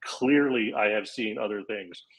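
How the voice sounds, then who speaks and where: A Florida comedian in his forties, guesting on a podcast, tells a long anecdote in a fairly low, husky voice at an unhurried pace. The audio is poor, and he animates the casual chat by acting out quotes and laughing.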